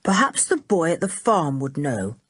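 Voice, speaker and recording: A bright, self-assured teenage boy with a lively, bouncing delivery, as a woman narrator puts him on. He sounds brisk and hearty, reassuring the others, in a dry, close storybook recording. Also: low-pitched, husky, no room sound, full character voice. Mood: confident. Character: confident cheerful teenage boy, leader.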